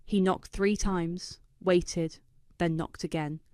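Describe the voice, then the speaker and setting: A woman reading a first-person drama story in a dry, knowing, quietly vindictive manner. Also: lowish voice, steady tone, takes it slowly, clean tone, no room sound. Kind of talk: scripted first-person narration.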